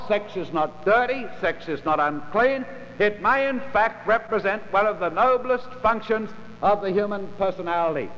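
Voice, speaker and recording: A man preaching a sermon in a measured, emphatic way, with dramatic pauses between phrases. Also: high-pitched, a bit bright. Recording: lo-fi recording in a large reverberant hall.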